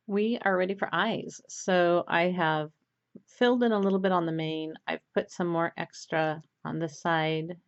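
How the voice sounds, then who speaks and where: Woman, chatty and self-amused, low-pitched, dull lo-fi sound. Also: darkish tone. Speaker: crafting vlogger. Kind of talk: casual knitting tutorial chat.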